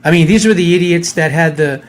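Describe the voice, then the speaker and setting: A man's voice: a little high, a little fast. A man co-hosting a live radio talk show, telling a story in a blunt, casual way. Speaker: co-host.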